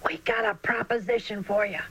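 A woman voicing a gruff, scheming boy with a bushy head in a storybook reading. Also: medium pitch, fairly even intonation, brisk, fairly bright tone.

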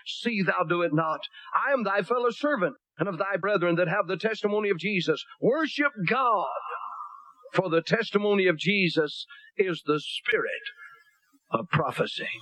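A male preacher with a high-pitched voice, delivering a blunt, folksy sermon full of homespun jokes. He reads King James scripture aloud between his asides. The sound is close and dry, with almost no room echo. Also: normal speed, pushed and bright. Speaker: pastor.

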